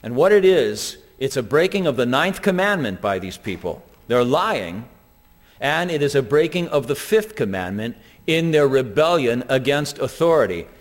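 Preacher in a reverberant church. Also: male voice, mid-range voice, very animated, normal speed. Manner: earnest, storytelling preacher with quoted voices. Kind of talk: sermon. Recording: long hall reverb.

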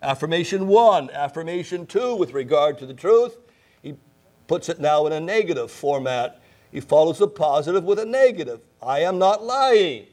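A man's voice: a little high, animated, moderate pace, darkish tone. A man preaching a sermon, emphatic, repeating key phrases and asking rhetorical questions. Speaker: pastor.

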